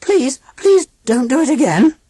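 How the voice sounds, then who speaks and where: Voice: high voice, big pitch swings, a little slow, warm tone, no echo, pitched above the performer's own voice. An audiobook reader voicing a prim alien robot disguised as an old great-aunt, with stiff, formal and oddly stressed speech. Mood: pleading. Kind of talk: audiobook character voice.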